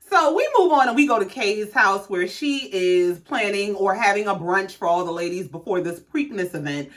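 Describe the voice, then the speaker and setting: A woman's voice: medium pitch, expressive, normal speed, few pauses, fairly bright tone. A woman giving a casual, profane, sassy recap of a reality show, telling the story with lots of quoted lines.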